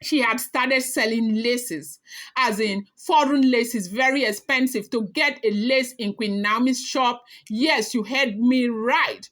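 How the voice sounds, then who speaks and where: A woman's voice: on the high side, slow pace, a bit bright. A woman talking casually as a celebrity gossip blogger, chatty and emphatic, speaking straight to her viewers.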